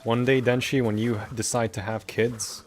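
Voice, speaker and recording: A young man streaming a game, talking casually and answering his chat in a relaxed, chatty way. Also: medium pitch, moderate pace, soft background music. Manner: chatty, laid-back, talking back to chat between moves.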